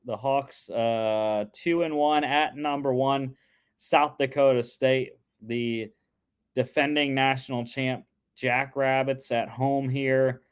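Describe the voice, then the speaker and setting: A man's voice: mid-range voice, steady tone, slow, clean tone. Chatty man talking football picks. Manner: chatty, many fillers and restarts. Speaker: podcast co-host making football picks. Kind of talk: casual sports talk.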